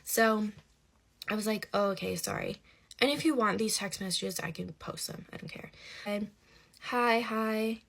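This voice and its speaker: A woman telling a personal story in a casual, animated and exasperated way. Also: medium pitch, a little slow, creaky.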